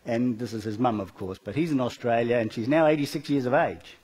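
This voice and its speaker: A man's voice: mid-range voice, a little fast, a little mellow, slightly rough. A middle-aged man in a church giving an earnest, rambling personal testimony with many fillers, then leading a prayer.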